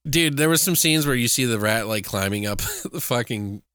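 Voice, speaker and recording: A man's voice: medium pitch, expressive, normal speed, fairly bright tone, clear, resonant tone, no room sound. A man co-hosting a podcast, casually and profanely recapping movie plots and reading out trivia. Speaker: podcast co-host reviewing movies. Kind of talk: casual chat.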